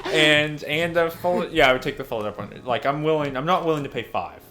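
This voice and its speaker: A man's voice: fairly high pitch, brisk, very noisy. A man in casual let's play commentary, easygoing and chatty as he explains the game's story. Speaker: game commentator.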